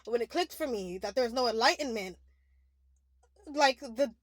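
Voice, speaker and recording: A young woman speaks in a high voice, rambling through an emotional, candid confession full of "like" and restarts. The sound is dry and close, with no room echo. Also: expressive, a little slow. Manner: rambling, heavy use of "like", restarts. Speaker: spiritual vlogger. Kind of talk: confessional monologue.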